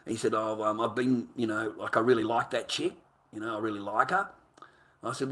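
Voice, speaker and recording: An Australian man, a vlogger with a lowish voice and a brisk pace, rambles through an anecdote. He's an excitable storyteller who swears freely and keeps calling the listener "mate."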